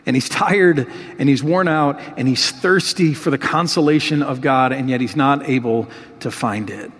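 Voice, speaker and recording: A man's voice: medium pitch, moderate pace, fairly bright tone, big-room sound. A man preaching a sermon in an earnest, heartfelt way, reading scripture with rising emotion. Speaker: pastor.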